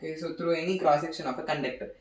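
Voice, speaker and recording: A young man explains physics in a fairly high voice, pausing and repeating himself as he works through each point. He sounds set back from the microphone, and the classroom echoes around him. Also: steady tone, recorded from a distance. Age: young adult. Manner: halting, repeats phrases while writing on a board. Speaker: student giving a physics seminar. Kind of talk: informal physics lesson. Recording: echoey room, voice from off-mic.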